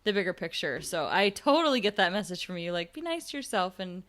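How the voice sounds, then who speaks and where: A woman hosts a casual podcast chat with a bright voice. She is supportive and laughs often with her guest. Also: medium pitch, very animated, fairly quick. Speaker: podcast host.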